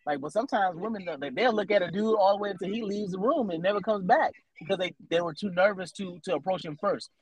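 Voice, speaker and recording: A man's voice: high-pitched, quick pace, hardly any pauses, slightly rough, rough recording. A man in his thirties on a casual adult chat podcast, teasing a co-host with questions and then explaining his opinions at length. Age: 30s.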